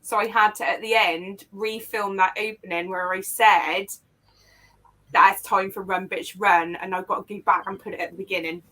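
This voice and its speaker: English woman chatting with friends, swears a lot, jokey, mid pitch. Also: fairly even intonation, normal speed, bright, forceful tone. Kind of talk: casual chat.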